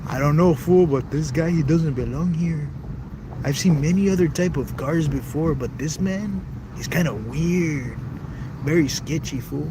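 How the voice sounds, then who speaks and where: A man's voice: fairly high pitch, a little slow, background noise, pitched above the performer's own voice. A man putting on the voice of a tough street gangster who calls people fool, in a slangy, suspicious drawl.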